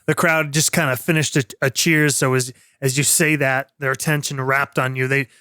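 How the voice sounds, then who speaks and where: A man running a tabletop game as game master, narrating scenes in a relaxed way with frequent pauses. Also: mid-range voice, smooth, no room sound, clean studio sound. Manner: relaxed, hesitant with fillers.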